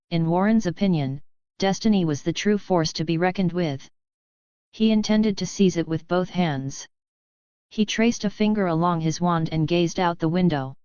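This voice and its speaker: A woman narrates a fantasy audiobook with steady, even storytelling. Her voice is low and smooth. The recording is dry and a little muffled. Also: dry recording. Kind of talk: scripted narration.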